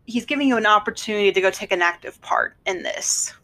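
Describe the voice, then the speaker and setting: A woman co-hosting a podcast in casual chat, telling jokes and acting out quick voices. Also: mid-range voice, bright, forceful tone. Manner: storytelling, acts out voices in jokes. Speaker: podcast co-host.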